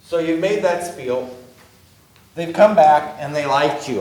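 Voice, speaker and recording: A man's voice: fairly high pitch, slow, a little mellow. Man giving a talk in an echoey room. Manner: conversational, repetitive, lots of "okay?" check-ins. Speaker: workshop speaker on job interviews. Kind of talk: conference talk to a live audience. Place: meeting room with an audience.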